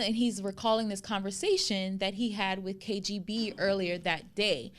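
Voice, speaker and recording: Woman, podcast co-host, casual storytelling, smooth clear voice, animated. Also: mid-range voice, normal speed, few pauses. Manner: animated, acts out quotes, swears freely.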